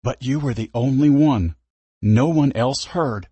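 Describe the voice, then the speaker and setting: A desperate small stranger presses his plea in a low, breathy hush, dragging each word out slowly, voiced by a male storyteller. The voice sits soft and dry, close to the ear. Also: no room sound. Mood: urgent. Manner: slow, hushed urging.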